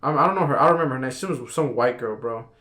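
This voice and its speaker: A young man, a podcast guest, telling a long personal story in casual chat, rambling and animated and tossing in "bro" all the time. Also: medium pitch, rapid-fire.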